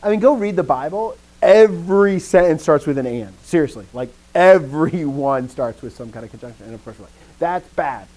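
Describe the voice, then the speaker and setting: A man teaching a live grammar lesson, explaining step by step, often answering students with quick affirmations and dry joking asides. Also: fairly high pitch, darkish tone, rough recording. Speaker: language teacher.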